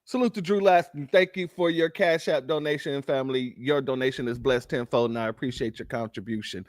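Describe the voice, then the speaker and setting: A man's voice: mid-range voice, a little fast, few pauses, no room sound, studio quality. A man hosting political commentary, blunt and mocking, firing off rhetorical questions. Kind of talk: ranting commentary on news clips.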